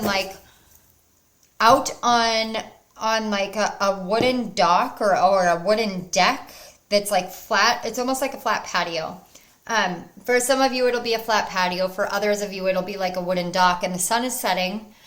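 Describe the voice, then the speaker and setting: A woman giving a spiritual pick-a-card tarot reading to her viewers, earnest and encouraging, at times bursting with excitement. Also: medium pitch. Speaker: tarot reader.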